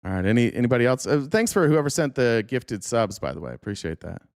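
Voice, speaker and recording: A man live-streaming, arguing his points in a quick, rapid-fire rant. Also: mid-range voice, big pitch swings, a little mellow, dry recording, studio quality.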